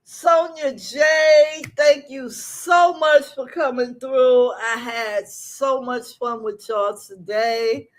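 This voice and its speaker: A woman's voice: high-pitched, steady tone, slow, few pauses. A woman hosting a live show, telling stories in casual chat, laughing often and drawing out her exclamations.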